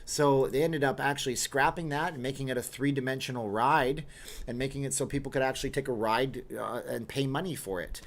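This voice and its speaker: A man in his thirties hosts a relaxed livestream, talking freely and answering viewer questions as they come. His voice sits at an ordinary, middling pitch. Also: fairly quick. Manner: talkative, reads viewer comments aloud and answers them. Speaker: livestream host. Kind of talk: casual livestream chat.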